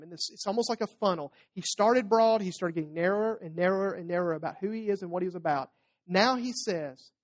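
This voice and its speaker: A man preaching a sermon as pastor, talking through scripture conversationally with tag questions and playful asides. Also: sits high. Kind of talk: expository sermon.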